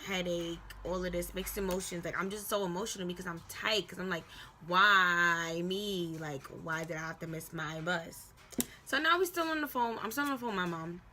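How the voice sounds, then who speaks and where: A young woman with a New York accent telling a storytime vlog, lively and swearing as she acts out what people said. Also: medium pitch, slight background noise. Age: young adult. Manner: animated, swearing, acting out quoted voices. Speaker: vlogger. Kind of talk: casual storytime.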